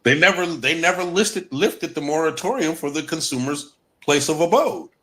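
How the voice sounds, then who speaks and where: Bright, emphatic man addressing viewers. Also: fairly high pitch, animated, normal speed. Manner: emphatic, repeats key points to the audience. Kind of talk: casual live-stream talk.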